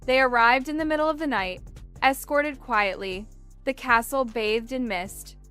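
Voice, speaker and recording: A woman telling a dramatized story in a measured, dramatic scripted narration. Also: a little high, bright, forceful tone, clean tone, faint music behind.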